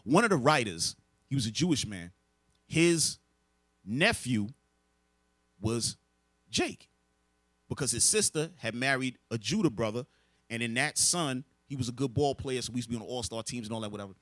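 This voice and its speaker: A man's voice: mid-range voice, animated, normal speed, long pauses, a bit bright, no room sound. Emphatic New man preaching. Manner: emphatic, asks rhetorical questions and answers them. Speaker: religious teacher. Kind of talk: preaching lesson to a group.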